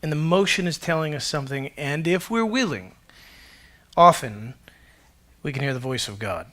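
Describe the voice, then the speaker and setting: A man's voice: a little high, normal speed. A middle-aged male pastor preaching a sermon to a congregation, telling stories animatedly and acting out the dialogue. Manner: animated storytelling, acts out dialogue. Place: church auditorium with congregation.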